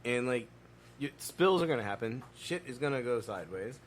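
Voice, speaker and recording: Casual podcast co-host, male, swears constantly, animated storyteller, faint background noise. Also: medium pitch, normal speed. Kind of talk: casual chat.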